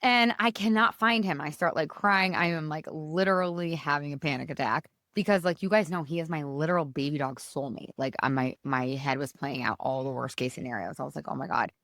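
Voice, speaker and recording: A woman's voice: fairly quick, hardly any pauses, a bit bright, no room sound, clean studio sound. A woman hosting a podcast, talking casually and with lots of energy, often addressing her listeners as "you guys". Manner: bubbly and chatty, swinging pitch, fillers like "you guys". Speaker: podcast host. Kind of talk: casual motivational podcast talk.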